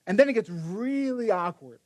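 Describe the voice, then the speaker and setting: A man's voice: sits high, animated, normal speed, darkish tone. A man preaching a sermon in a casual storytelling way, acting out the quotes with many restarts. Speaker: pastor.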